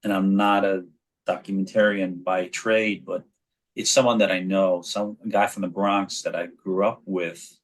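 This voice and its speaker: Here a man in his forties from New York talks at normal speed in a low-pitched voice. An actor and children's author, he's the guest in a casual interview chat, telling stories animatedly with many restarts.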